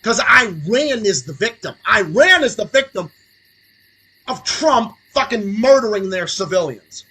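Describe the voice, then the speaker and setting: A young man hosting a podcast stream, ranting angrily and sarcastically, swinging between low muttering and shouting. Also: expressive, measured pace, slightly rough, low-quality recording. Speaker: podcast host. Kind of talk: profane political rant on a livestream.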